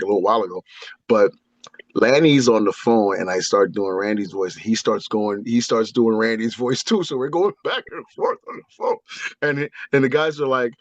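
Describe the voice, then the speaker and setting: A man, a guest on a wrestling talk show, telling animated stories and breaking into impressions. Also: fairly low pitch, dry recording, muffled recording. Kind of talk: casual storytelling.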